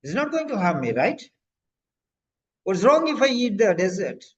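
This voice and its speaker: A man's voice: high-pitched, very animated, moderate pace, pitched above the performer's own voice. A man voicing an angry, hungry male patient who pleads indignantly to be allowed to eat. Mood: indignant pleading. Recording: dull lo-fi audio.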